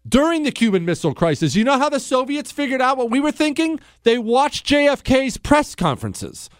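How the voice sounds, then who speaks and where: A man's voice: very high-pitched, dry recording, clean studio sound. A man hosting a political talk radio show, sarcastic and mocking, often laughing at his own remarks. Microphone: studio microphone.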